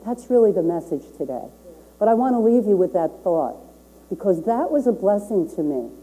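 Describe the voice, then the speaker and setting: A woman's voice: medium pitch, mellow, a little hiss or hum, poor audio. An older woman minister giving a sermon, earnest and repeating key phrases for emphasis.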